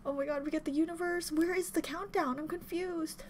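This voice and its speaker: A woman hosting a live reaction video, very expressive and excitable, gasping and squealing as she talks. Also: extremely high pitch, fairly quick, very noisy. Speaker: reaction channel host. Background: loud music playing.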